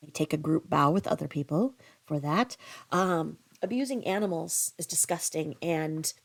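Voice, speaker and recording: A woman's voice: low voice, lively intonation, normal speed, creaky. A woman hosting a commentary channel, ranting bluntly and profanely about another online creator. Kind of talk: angry commentary.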